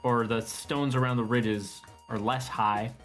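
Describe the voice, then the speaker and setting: A man's voice: medium pitch, level tone, measured pace, a bit bright, faint music behind. A man running a tabletop game as game master, describing the scene casually and vividly, with some swearing.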